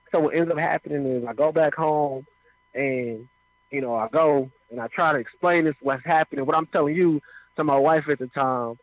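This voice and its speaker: A slightly high male voice, free of echo, tells his life story informally and keeps asking "you know what I mean." This casual testimony has a dry recording that resembles radio heard through a phone.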